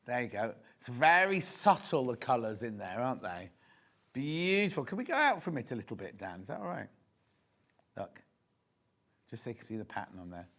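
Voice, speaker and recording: Mid-range and fairly bright, his voice has a sing-song quality and moves at a moderate pace. He is a shopping channel presenter in a TV studio, showing fabrics on live television while eagerly chatting and gossiping.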